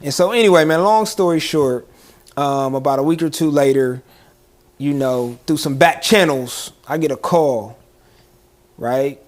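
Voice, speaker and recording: A young man co-hosting a podcast, his voice sitting a little high. He tells a story in animated, slangy chat and laughs often along the way. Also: unhurried. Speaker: podcast co-host.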